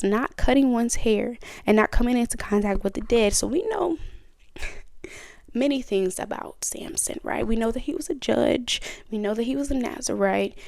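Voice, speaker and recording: A woman's voice: mid-range voice, creaky, a little mellow, no room sound. A woman hosting her own podcast, telling her story and teaching from the Bible in a chatty, conversational way. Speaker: podcast host. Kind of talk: casual testimony and Bible study talk.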